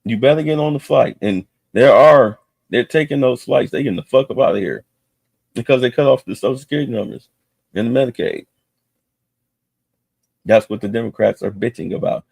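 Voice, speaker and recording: A man's voice: medium pitch, fairly quick, creaky, pauses often, a little mellow, breathy edge, no room sound. A man streaming heated, profane political commentary with a mocking edge.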